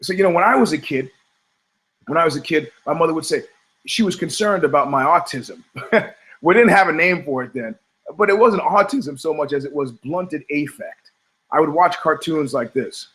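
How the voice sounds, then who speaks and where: Middle-aged male podcast host, slightly high-pitched, sardonic and profane, rambling comic storyteller. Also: lively intonation, normal speed, a bit bright, low-quality recording. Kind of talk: rambling comedic monologue.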